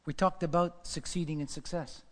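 High-voiced older man preaching in a hall. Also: steady tone, normal speed. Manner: repetitive, building to shouted peaks. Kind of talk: sermon. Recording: long hall reverb.

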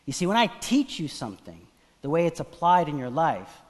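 A man preaching from the pulpit, his fairly high voice carrying a long tail of reverb through a church hall. He preaches with animated drive, rising for emphasis and dropping low for asides. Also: moderate pace. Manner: animated preaching, acts out voices of biblical figures. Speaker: pastor. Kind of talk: sermon.

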